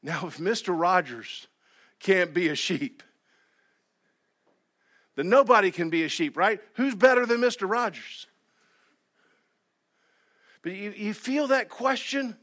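A pastor preaching a sermon in a church, his voice sitting a little high for a man. He moves between quiet, reflective asides and loud, driving emphasis. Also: expressive, a little slow, long pauses. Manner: earnest, swings from soft asides to loud emphatic exhortation. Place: church sanctuary.

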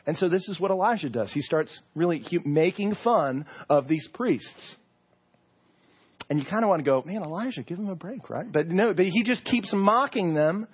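A man preaching a sermon as pastor, telling the story with animated asides and rhetorical questions. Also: sits high, normal speed, breathy edge, highs cut off.

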